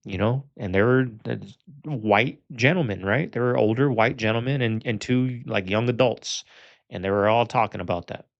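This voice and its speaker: A man's voice: medium pitch, moderate pace, creaky. A man talking reflectively in a casual podcast conversation. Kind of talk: podcast chat. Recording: muffled lo-fi audio.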